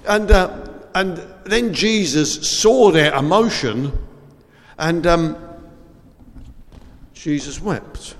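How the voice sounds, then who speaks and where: A man's voice: high voice, animated, takes it slowly. Chatty man in a reverberant hall. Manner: chatty and rambling, with many fillers and restarts. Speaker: school assembly speaker. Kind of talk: informal assembly talk with Bible reading.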